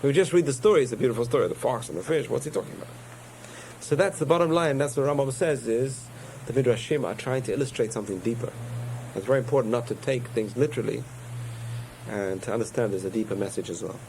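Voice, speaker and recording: A man's voice: medium pitch, fast talker, a little mellow, slight background noise, low-quality recording. A man giving a spoken Torah lesson, telling parables with digressions and self-corrections. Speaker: rabbi teaching a class.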